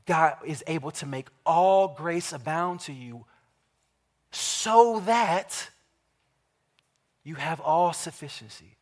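A man with a high voice preaches to his congregation. He leans hard on repeated phrases, slows down to stress key words, and puts direct questions to the listeners. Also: expressive, a little mellow. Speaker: pastor. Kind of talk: sermon.

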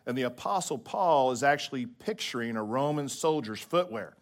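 In a lively preaching style, a pastor gives a sermon to his congregation at a moderate pace in a mid-range voice. He keeps checking in with "right?" and sometimes lets his voice go soft and quiet for emphasis.

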